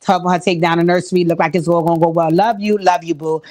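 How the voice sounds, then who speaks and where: A woman voicing a smooth-talking adult man, a boyfriend reassuring his partner, in a lowered, laid-back delivery. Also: level tone, fast, a little mellow, lightly acted.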